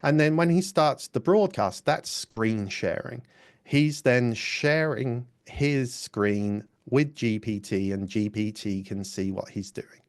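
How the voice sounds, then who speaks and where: A man's voice: mid-range voice, slow. A man presenting a live webinar, explaining step by step in a casual way. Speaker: workshop presenter.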